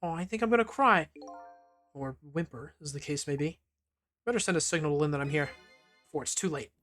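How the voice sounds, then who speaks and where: A gaming streamer playing through a game and reading its lines aloud, with wry, deadpan asides. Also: mid-range voice, brisk. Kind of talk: let's-play commentary and reading dialogue aloud. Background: faint game music.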